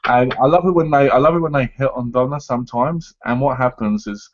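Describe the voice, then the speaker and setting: Guy, co-host, jokey and rambling, mid pitch, slightly muffled lo-fi audio. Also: brisk. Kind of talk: casual chat. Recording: slightly dull lo-fi sound.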